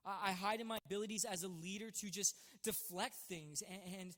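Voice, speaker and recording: A man's voice: sits high, a bit bright. Earnest male preacher in a reverberant hall. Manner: earnest, emotional, with many halting restarts. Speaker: church site leader preaching. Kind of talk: personal testimony sermon. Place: church stage.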